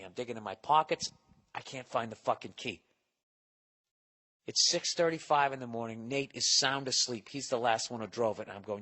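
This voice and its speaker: A man in his forties hosting a podcast, telling a comic story in a profane, animated rant. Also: mid-range voice, brisk. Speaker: podcast host. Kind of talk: casual comedic monologue.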